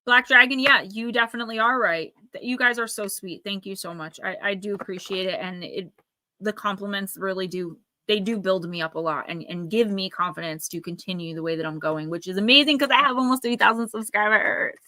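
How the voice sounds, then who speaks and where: A woman's voice: medium pitch, pushed and bright, dry recording. A woman in her forties with a New Jersey accent, hosting a live tarot reading and chatting with viewers by name. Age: 40s. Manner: chatty, talks to viewers by name, quick asides. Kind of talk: live-stream intuitive reading.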